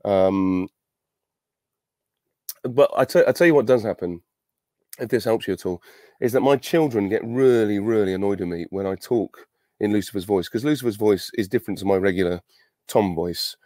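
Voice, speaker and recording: A man's voice: on the low side, normal speed, pauses often, dark tone, no echo, studio quality. Chatty man thinking aloud. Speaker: actor answering fan questions. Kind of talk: virtual Q&A panel.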